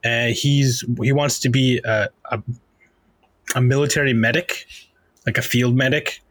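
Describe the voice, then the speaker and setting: A man's voice: mid-range voice, steady tone, a little slow, fairly bright tone, no echo. A man co-hosting a casual book discussion, chatty and laughing often between remarks. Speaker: podcast co-host.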